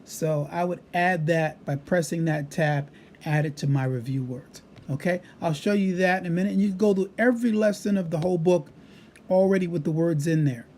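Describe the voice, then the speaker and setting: Speaking at normal speed in a highish but darkish voice, a middle-aged man teaching Hebrew demonstrates a vocabulary app on a screen recording. He goes patiently, with lots of "uh," over a little hiss or hum.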